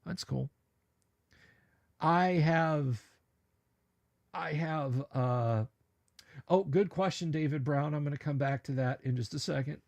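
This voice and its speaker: A man hosting a livestream who chats casually with viewers and goes into opinionated, animated rants with stammered restarts. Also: fairly high pitch, a little slow. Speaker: livestream host. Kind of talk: casual chat reading viewer comments.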